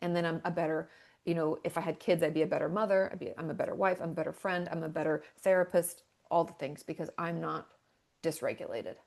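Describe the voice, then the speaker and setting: A woman's voice: low voice, fairly even intonation, quick pace, darkish tone. A woman therapist talking candidly in a casual podcast chat, full of filler words. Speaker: therapist guest.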